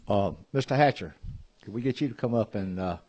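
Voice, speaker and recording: A man's voice: lowish voice, animated, brisk, warm tone, lo-fi sound. A man chairing a legislative hearing, informal and joking, stumbling over words. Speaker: committee chairman.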